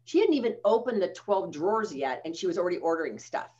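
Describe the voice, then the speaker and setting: A woman's voice: fairly low pitch, expressive, quick pace, a little mellow, dull audio. A woman sales trainer giving a chatty coaching talk over a video call, telling stories with quoted dialogue.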